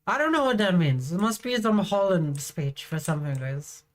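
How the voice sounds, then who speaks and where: With a lowish voice that swings widely in pitch, this streamer talks at a normal speed while playing a farming game. She keeps the live-stream chat casual, giggling and playfully teasing her audience.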